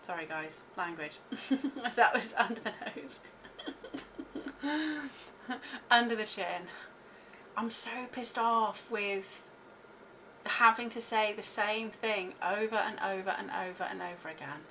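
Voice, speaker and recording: A woman's voice: mid-range voice, slow, pauses often, pushed and bright, a little hiss or hum, low-quality recording. A woman guiding listeners through a tapping exercise, repeating short prompts between the tapping points, swearing freely and laughing at herself. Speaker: host leading a tapping exercise. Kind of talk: guided tapping session, casual and profane.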